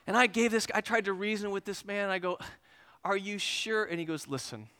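A man preaching a sermon, telling a lively personal story and acting out both sides of the conversation before turning to scripture. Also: high voice, quick pace, clean tone. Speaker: pastor.

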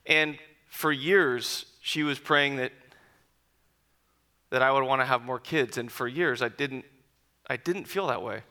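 A man in his forties telling personal stories to an audience, lively at first and then quiet and reflective. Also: mid-range voice, unhurried, long pauses. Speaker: speaker addressing an audience. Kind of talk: personal storytelling talk.

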